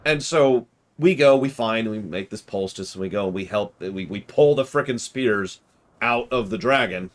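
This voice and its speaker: A man streaming a game, chatting casually and retelling scenes with quick mock voices and exasperated outbursts. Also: lowish voice. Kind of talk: casual let's-play commentary.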